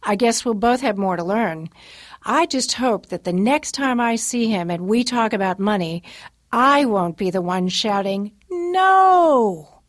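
A woman's voice: medium pitch, unhurried, dry recording, studio quality. A middle-aged woman, a personal finance columnist, reading a wry, conversational radio commentary.

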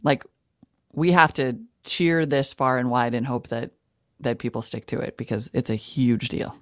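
A woman co-hosting a podcast in casual, chatty talk, animated and quick to laugh. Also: extremely low pitch, no echo, studio quality. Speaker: podcast co-host. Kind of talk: casual chat.

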